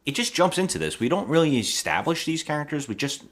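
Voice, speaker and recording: A man's voice: fairly high pitch, sing-song, fast talker, a bit bright. A man co-hosting a podcast, chatting about a horror movie and mimicking its lines with laughs. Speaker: podcast co-host. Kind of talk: casual movie review chat.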